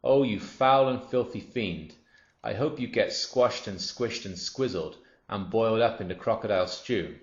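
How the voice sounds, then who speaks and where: A man voicing an indignant elephant who scolds loudly and slowly in a storybook reading. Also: on the low side, steady tone, lightly acted. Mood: outraged. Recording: roomy, dull lo-fi.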